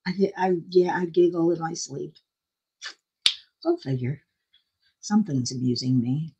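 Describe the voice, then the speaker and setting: A woman's voice: low voice, unhurried, vocal fry, lo-fi sound, background noise. An older woman hosting a casual craft livestream, chatting in a rambling, self-deprecating way and laughing often. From South Florida.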